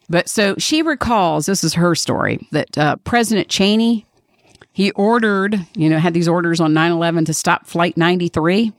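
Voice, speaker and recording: A woman's voice: low voice, no room sound, studio quality. A woman hosting a podcast, giving blunt, sarcastic commentary with heavy swearing. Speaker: podcast host. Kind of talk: casual opinionated commentary.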